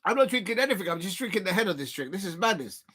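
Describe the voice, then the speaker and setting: A football fan channel host runs a live watch-along in a high, husky voice that's bright, forceful and racing. He's excitable, swinging between playful jokes and loud, despairing outbursts.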